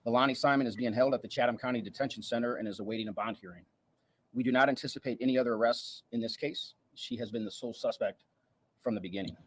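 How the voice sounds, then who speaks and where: A man giving a formal press statement as an official, speaking in a measured, formal way. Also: medium pitch, husky, poor audio.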